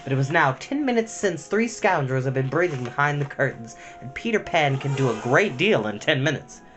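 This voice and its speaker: A man reading a storybook aloud at bedtime, expressive and dramatic with a gentle touch. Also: mid-range voice, a little fast, soft background music.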